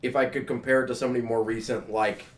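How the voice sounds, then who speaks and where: A man chats casually about sports on a podcast. His voice sits in an ordinary middle pitch, and his talk rambles with fillers and restarts. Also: level tone, fast talker. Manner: rambling, filler-heavy, enthusiastic fan. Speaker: podcast co-host.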